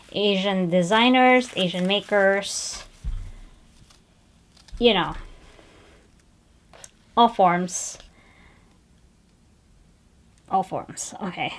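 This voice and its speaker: A woman with a medium-pitched, slightly bright voice hosts a flosstube vlog, showing off her finished cross-stitch pieces. Her casual show-and-tell is chatty and digressive, with frequent fillers and self-corrections.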